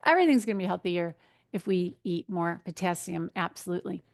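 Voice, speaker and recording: A woman's voice: on the low side, lively intonation, a little fast, vocal fry. A woman, a registered dietitian, giving a conversational health keynote with frequent fillers. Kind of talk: health talk to an audience.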